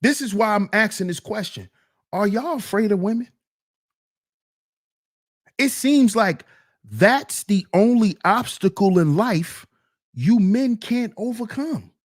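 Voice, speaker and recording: A man hosting a solo commentary show, reacting to a clip with teasing, drawn-out rhetorical questions. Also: sits high, lively intonation. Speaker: commentary channel host.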